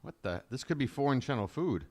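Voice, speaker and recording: A man's voice: medium pitch, big pitch swings, fairly quick, dry recording. A man hosting a live stream, riffing casually and wryly, often wandering off on tangents. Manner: rambling, wry, easily sidetracked.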